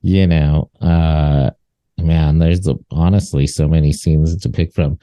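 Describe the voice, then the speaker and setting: A man's voice: very deep voice, fairly even intonation, takes it slowly, dark tone, dry recording. A man co-hosting a podcast, talking in a loose, rambling way with many fillers and restarts. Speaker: podcast co-host. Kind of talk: casual chat.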